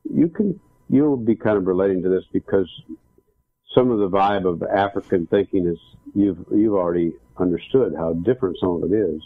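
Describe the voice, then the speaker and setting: A man's voice: low voice, moderate pace, breathy edge, dry recording. A man who is a guest author and speaker, telling a story in an emphatic way during a casual interview. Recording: tinny phone line.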